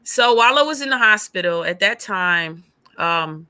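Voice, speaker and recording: Woman guest, bright voice, acts out what everyone said. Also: mid-range voice, moderate pace. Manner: animated storyteller acting out past conversations. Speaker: podcast guest. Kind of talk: emotional personal testimony.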